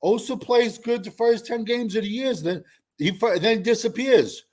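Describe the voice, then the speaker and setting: A man with a fairly high, slightly mellow voice argues about football at a moderate pace. Heated, sarcastic and pushy, he keeps repeating himself to press the point.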